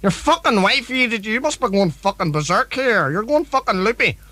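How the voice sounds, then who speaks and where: A brash, exasperated man hosting a spoof talk show, swearing freely. His voice sits high and sounds dry and close. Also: animated, moderate pace, sharp tone, no room sound. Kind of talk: comedy sketch.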